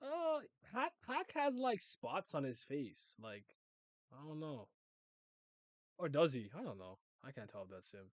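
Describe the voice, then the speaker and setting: A young man reacts to a manga chapter in a loose, rambling way, joking to himself and swearing now and then. His voice sits a bit high and sounds dry and close to the mic. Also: big pitch swings, a little slow, no room sound. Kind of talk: casual reaction commentary.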